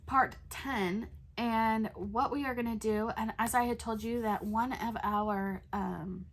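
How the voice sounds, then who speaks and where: A woman's voice: fairly high pitch, steady tone, slow pace, slight background noise. A woman hosting a coloring channel, chatting casually with many fillers and restarts. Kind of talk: casual chat.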